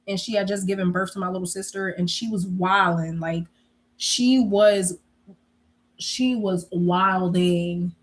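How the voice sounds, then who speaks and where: A young woman telling stories in a casual, animated way, swearing freely and laughing often. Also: mid-range voice. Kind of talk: casual storytelling chat.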